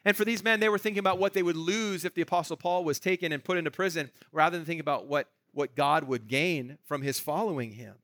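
Male pastor, high bright voice, dry close sound, chatty sermon that keeps asking the room "right?". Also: fast, hardly any pauses, dry recording. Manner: conversational, asks the room "right?".

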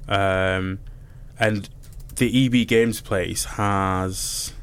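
A man casually telling his co-hosts about a trip, lively and animated as he recounts the people he met. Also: deep voice, drawn-out words, clear, resonant tone. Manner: animated storyteller, acts out the people he quotes. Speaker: podcast co-host. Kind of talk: casual chat.

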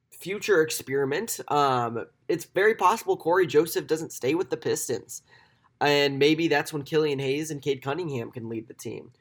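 A man giving casual solo sports commentary as a basketball draft analyst, chatty, with frequent ums and self-corrections. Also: fairly high pitch.

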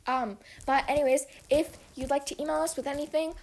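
Teen girl podcast host, high chirpy voice, rambly and giggly, slight hiss. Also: fairly even intonation, brisk, darkish tone, poor audio. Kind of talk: casual chat.

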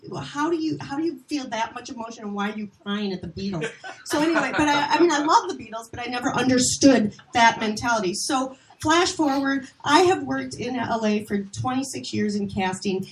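High-voiced woman telling rambling stories. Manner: animated, self-deprecating, rambling with restarts. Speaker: casting director guest. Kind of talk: casual storytelling chat.

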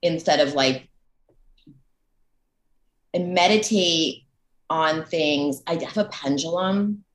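A woman in her thirties talks frankly as a guest on a casual podcast, poking fun at herself and swearing freely. Her voice is notably low. The sound carries a roomy echo around it. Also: slow, pauses often. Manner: candid, self-deprecating, swears casually. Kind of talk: casual chat.

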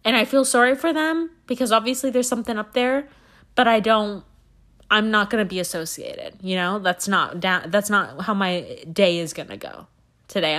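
A woman's voice: medium pitch, fairly bright tone. A young woman host in a put-on mock Southern accent, telling a profane, exasperated comedic story on a solo podcast. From Canada.

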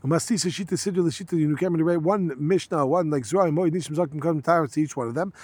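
Man, Talmud teacher, reads then explains, slightly high voice, dry close sound. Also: fast, darkish tone, breathy edge, no room sound. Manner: reads Aramaic lines then explains in casual English with yeshiva terms. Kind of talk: Talmud study lesson, reading and translating.

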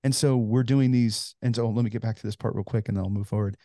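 Man in his 40s, gravelly voice, dark and mellow, earnest storytelling as an interview guest. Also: fairly low pitch, steady tone, quick pace, no echo, studio quality. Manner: earnest storyteller, heavy on "you know" fillers. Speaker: ministry founder, guest.

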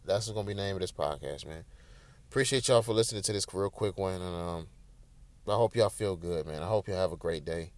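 A man's voice: deep voice, a little fast, no room sound. A man hosting a solo podcast in casual, emotional, rambling talk with lots of swearing, recorded in a small home room. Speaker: podcast host.

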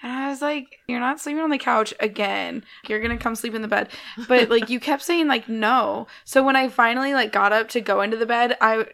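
A young woman with a fairly high voice chats on a podcast. She tells stories with plenty of energy, acting out the lines of the people in them and laughing along the way. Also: brisk, creaky. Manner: animated storyteller, acts out quotes, laughs often. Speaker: podcast co-host. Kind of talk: casual chat.

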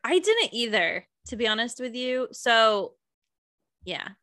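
A woman co-hosting a podcast, calmly recapping a TV episode and agreeing with short replies. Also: fairly high pitch, slow, dry recording, studio quality. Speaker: podcast co-host. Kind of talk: casual chat recapping a TV episode.

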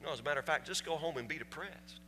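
A pastor telling a story in a sermon to his congregation, repeating words for emphasis and building to loud, high peaks. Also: very fast. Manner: repeats words when stressing a point, rising to near-shouting climaxes. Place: church sanctuary. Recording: long hall reverb, faint hum.

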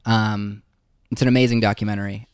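Musician guest, male, low voice, halting and reflective, dry recording. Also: steady tone, clean tone, dry recording. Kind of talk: casual interview storytelling.

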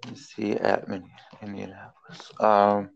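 A man's voice: lowish voice, monotone, moderate pace, gravelly, highs cut off. A man co-hosting a casual sports chat, making game picks in a hesitant way with many fillers. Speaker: co-host making football picks.

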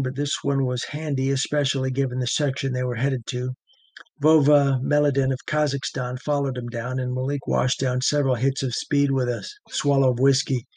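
Male audiobook narrator, steady measured reading, mid-pitched voice. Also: no room sound.

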